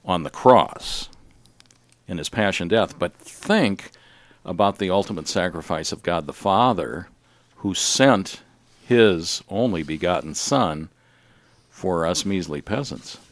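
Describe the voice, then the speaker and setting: A man's voice: low voice, animated, takes it slowly, no echo. A man hosting a casual Catholic radio talk show, folksy and fond of telling jokes.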